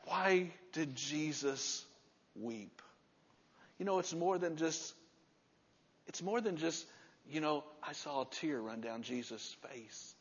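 A man in his sixties preaching a sermon, repeating key words with emphasis and dropping to a soft, low voice to stress a point. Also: expressive, takes it slowly, pauses often, breathy edge. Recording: muffled sound with long hall reverb.

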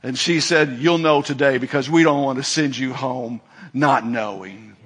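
A man's voice: medium pitch, moderate pace, a bit bright, husky. A middle-aged male preacher giving a folksy sermon, telling stories and acting out the people in them. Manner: folksy storytelling, acts out quoted voices, laughs often.

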